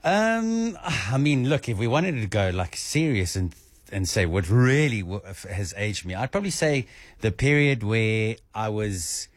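Male radio regular, lower voice, easygoing on-air chat, dry studio mic. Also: big pitch swings, a little slow, no room sound. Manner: joking, then candid and reflective. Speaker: radio colleague.

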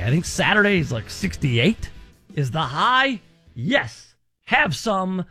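Chatty high-voiced male radio host. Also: big pitch swings, slow pace, bright, forceful tone, slightly rough, soft background music. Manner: chatty, joking, rambling asides. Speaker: radio talk show host. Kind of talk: casual radio show chat.

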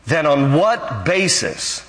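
A man's voice: fairly high pitch, sing-song, slow pace, fairly bright tone, exaggerated voice. A man voicing a fussy, bureaucratic angel who quizzes a newcomer at heaven's entrance, told as a story within a sermon. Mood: quizzing. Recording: echoey hall.

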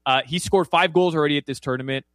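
A man's voice: a little high, fast talker, a bit bright, dry recording. A man giving casual soccer betting picks, rambling with many fillers and restarts. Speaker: soccer analyst guest. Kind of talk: casual sports betting chat.

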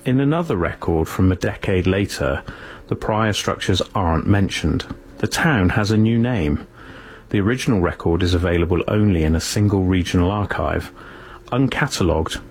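Deep-voiced man narrating gravely. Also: lively intonation. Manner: grave, rhetorical questions, careful pauses. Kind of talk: scripted narration.

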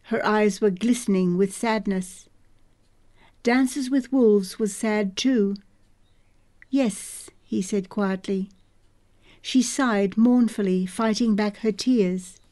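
A woman reading a novel aloud in a slow, soft, measured way. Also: medium pitch. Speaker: audiobook reader. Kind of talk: scripted narration.

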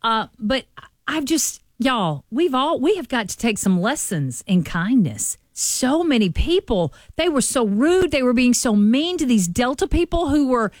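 A woman's voice: fairly high pitch, measured pace, dry recording, studio quality. A woman with a Southern accent, a radio morning show host telling a travel story in casual chat. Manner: chatty storyteller, animated.

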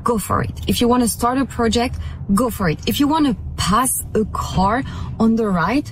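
A woman's voice: on the high side, animated, moderate pace, slight background noise. A French woman speaking English with a French accent, earnest and reflective in a casual vlog. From France.

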